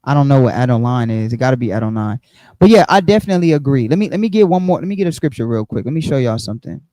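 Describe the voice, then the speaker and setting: A man's voice: mid-range voice, animated, very fast, dark tone, no room sound, rough recording. A man teaching an online Bible study, explaining with frequent restarts and repeated words.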